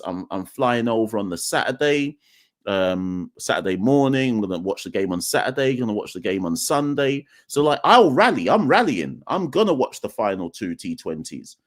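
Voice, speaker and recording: A man's voice: mid-range voice, sing-song, moderate pace. Emphatic man hosting live cricket stream. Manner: emphatic, repeats points, addresses chat directly. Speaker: podcast host. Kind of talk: live-streamed call-in commentary.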